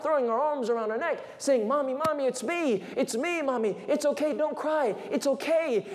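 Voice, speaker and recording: A man preaching an evangelistic sermon in an earnest way, often dropping to a hush as he addresses his listeners as friends. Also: high-pitched. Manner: earnest, drops to a hushed tone on "friends".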